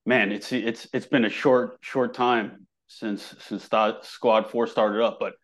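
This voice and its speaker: Low-voiced guy getting emotional, cussing and thanking his buddy. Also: steady tone, takes it slowly. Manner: heartfelt, swears freely. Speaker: program member. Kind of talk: emotional group call tribute.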